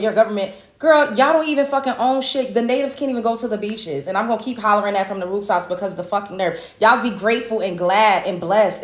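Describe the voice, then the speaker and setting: Reaction host, American woman, profane and blunt, slightly high voice, echoey room. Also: a bit bright. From United States. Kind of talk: reaction commentary rant.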